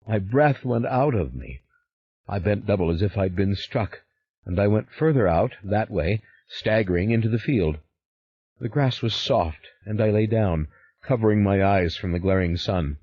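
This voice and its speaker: A man's voice: on the low side, expressive, moderate pace, slightly rough, muffled recording. A man narrating a thriller audiobook in the first person, with a grave, brooding reading.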